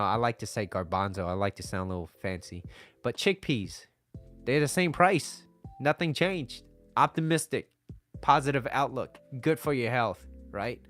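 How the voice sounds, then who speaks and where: A man's voice: medium pitch, fairly bright tone. Man, casual advice monologue, rambling and profane, frequent laughter, speaks of himself in third person, faint music underneath. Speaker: dating and relationship advice host.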